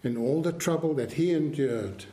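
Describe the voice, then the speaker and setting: A man preaching a sermon to his congregation with a measured, emphatic delivery. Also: fairly high pitch, mellow, echoey room. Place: church.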